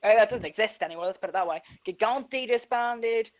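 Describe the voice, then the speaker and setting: A woman's voice: fairly high pitch, a little fast, rough recording. A woman co-hosting a casual esports podcast, frank and opinionated. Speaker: podcast co-host.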